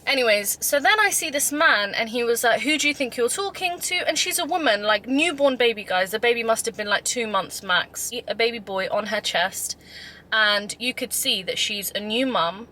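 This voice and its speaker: A woman talking casually to her vlog audience, telling stories in a chatty, animated way. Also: on the high side, normal speed. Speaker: vlogger.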